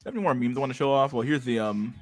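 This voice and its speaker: A man's voice: medium pitch, very fast, faint music behind. A man hosting a casual livestream, rambling crudely and swearing as he reacts to memes. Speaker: livestream host.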